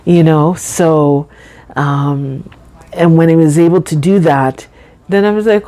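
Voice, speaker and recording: A middle-aged woman talking slowly and deliberately in a personal vlog, carefully enunciating her words and chatting casually. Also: deep voice, mellow. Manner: chatty, says y'all and you know. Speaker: vlogger.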